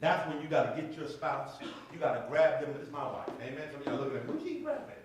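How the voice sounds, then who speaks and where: A man's voice: medium pitch, fairly even intonation, fast talker, background noise. A man preaching a sermon as pastor, calling out to his congregation and asking if they are with him. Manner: call-and-response preaching, asks congregation. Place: church sanctuary. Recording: echoey hall from far off.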